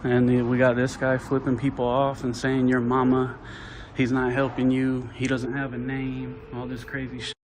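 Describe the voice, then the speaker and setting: A man's voice: mid-range voice, completely flat delivery, moderate pace, hardly any pauses, background noise. A man talking to his own camera, indignant and complaining as he films a dispute. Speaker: video-recording visitor. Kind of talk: self-narrated confrontation vlog.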